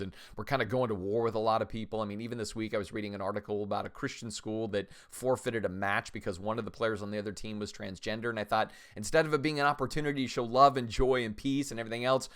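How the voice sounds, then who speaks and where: A middle-aged man hosting a faith podcast, talking casually with energetic, animated emphasis. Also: fairly low pitch. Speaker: podcast host.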